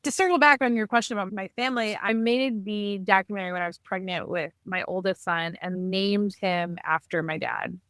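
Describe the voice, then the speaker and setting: A woman guest on a podcast, telling a personal family story in an animated, conversational way. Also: medium pitch, a little fast, hardly any pauses, dry recording. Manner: animated, acts out quoted dialogue.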